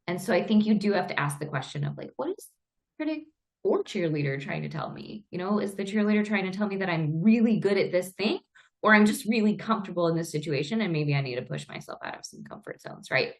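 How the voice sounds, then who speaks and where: A woman's voice: mid-range voice, fast talker. A woman co-hosting a podcast, talking in a reflective, conversational way. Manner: reflective, conversational, uses "like" and "right". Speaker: podcast co-host.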